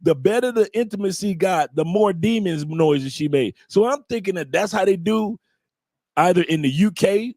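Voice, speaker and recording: An American man hosting a live stream, spinning a loose, bawdy story full of jokes and acted-out quotes. His voice sits a little high for a man. The sound is close and dry, with no room echo. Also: a little mellow. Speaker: host. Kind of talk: casual storytelling to a live audience.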